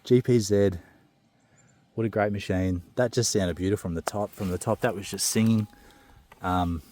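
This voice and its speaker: A man vlogging while prospecting outdoors on the goldfields, keeping his voice low with breathy exclamations. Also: fairly even intonation, moderate pace, mellow. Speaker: gold prospector.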